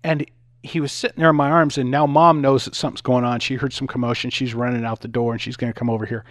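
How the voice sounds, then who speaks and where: A middle-aged man hosts a talk radio show in a mid-range voice, speaking fast in clean studio sound with no echo. His monologue is full of stories, and he animatedly acts out the voices in his anecdotes.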